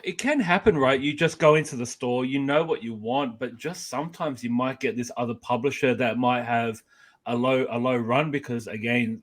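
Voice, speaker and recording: A man hosting a casual comics podcast, upbeat and energetic as he runs the show. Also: mid-range voice. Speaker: podcast host.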